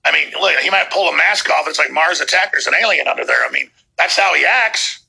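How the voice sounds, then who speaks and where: A man's voice: on the high side, fairly quick, gravelly, sharp tone, husky, poor audio. A man hosting a podcast, ranting with heated sarcasm between played clips. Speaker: podcast host. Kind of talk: ranting commentary over clips.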